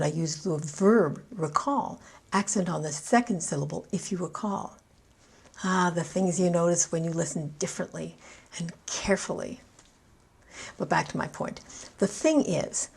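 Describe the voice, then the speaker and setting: A woman with a Canadian accent coaching English pronunciation, speaking slowly and deliberately, with light laughs and words repeated to model their stress. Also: lowish voice, vocal fry, warm tone, breathy edge. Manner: light laughs between points. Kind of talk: scripted teaching monologue.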